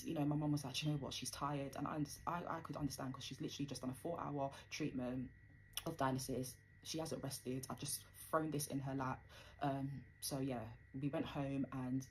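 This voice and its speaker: A woman's voice: low voice, darkish tone, a little hiss or hum, low-quality recording. A young woman telling a personal story in a rambling, conversational way with plenty of fillers.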